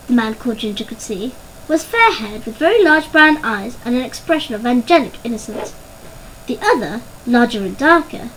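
A woman reading a children's storybook aloud in an expressive, measured way. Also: fairly high pitch, a little hiss or hum, low-quality recording. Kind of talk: storybook narration.

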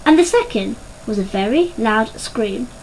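A woman reading a children's storybook aloud in an expressive, measured way. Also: fairly high pitch, slight background noise, poor audio. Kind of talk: storybook narration.

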